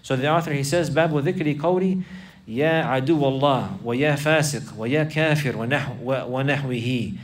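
A man's voice: medium pitch, normal speed, distant mic. A man teaching a religious class, repeating phrases and quoting Arabic texts, then explaining them. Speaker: Islamic teacher. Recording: voice from away from the mic.

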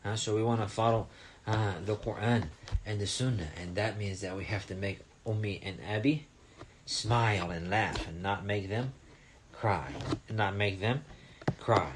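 Gentle man teaching young children. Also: fairly low pitch, measured pace, a little hiss or hum. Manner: asks questions, checks in with "huh?". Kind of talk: storytelling lesson for children.

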